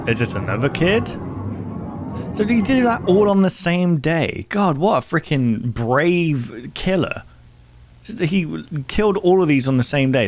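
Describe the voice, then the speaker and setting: A man's voice: fairly high pitch, very animated, a little slow, a little hiss or hum. Man rambling through reaction commentary. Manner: rambling, thinking aloud with self-interruptions. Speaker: video reaction host.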